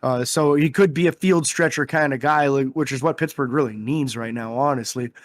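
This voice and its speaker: A young man co-hosting a casual sports podcast, talking energetically and quick to exclaim. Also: medium pitch, no echo, studio quality. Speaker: podcast co-host.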